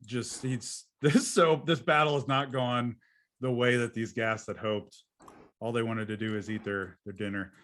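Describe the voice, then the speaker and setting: A man narrating as game master in a casual, halting way with frequent laughs. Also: medium pitch, fairly even intonation, fairly bright tone. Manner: chatty, halting, laughs often.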